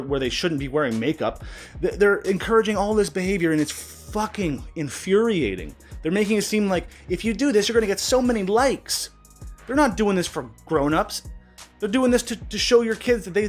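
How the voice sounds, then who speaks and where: A man hosting his channel, ranting in indignant outrage, swearing often and stumbling over repeated words. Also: high-pitched. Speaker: channel host. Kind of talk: angry commentary rant.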